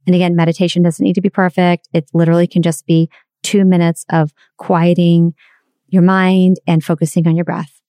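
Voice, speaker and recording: A woman's voice: on the low side, level tone, brisk, dark tone, no room sound, clean studio sound. A woman in her forties sharing a candid, confessional personal story and reflecting on parenting.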